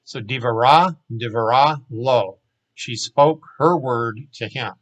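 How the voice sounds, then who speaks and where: A man teaching a recorded language lesson, explaining plainly and saying each example word slowly twice. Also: medium pitch, highs cut off. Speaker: Hebrew teacher.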